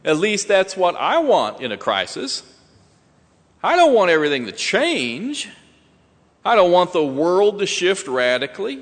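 Slow-preaching man in a reverberant hall. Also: high-pitched, wildly swooping pitch. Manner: slow, deliberate preaching with dramatic pauses and rising emphasis. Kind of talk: sermon.

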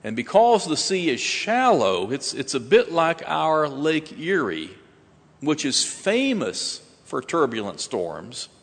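A man preaching a sermon slowly and deliberately, with dramatic pauses and rising emphasis. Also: a little high, very animated, breathy edge, long reverb tail.

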